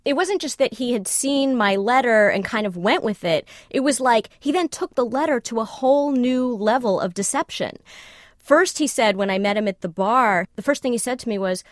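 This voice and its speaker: A woman telling a personal story in conversation, animated and self-questioning, acting out the dialogue she quotes. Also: fairly high pitch, normal speed, no room sound, studio quality. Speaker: storyteller guest.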